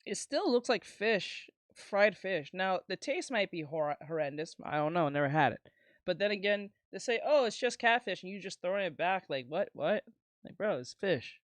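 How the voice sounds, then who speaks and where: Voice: mid-range voice, animated, normal speed, no echo. A streamer giving casual live reaction commentary, ranting and incredulous, with lots of swearing. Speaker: VTuber streamer reacting to videos.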